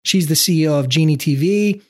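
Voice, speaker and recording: A man's voice: on the high side, brisk. A man hosting a business podcast, reading an upbeat scripted intro and then interviewing a guest. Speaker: podcast host.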